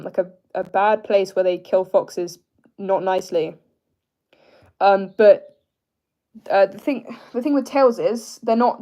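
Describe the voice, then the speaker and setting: A young man with a British accent, chatting casually on a live stream and answering viewers, hesitant with many fillers as he tries to keep his voice low. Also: a little mellow. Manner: hesitant, filler-heavy, deliberately lowering his pitch.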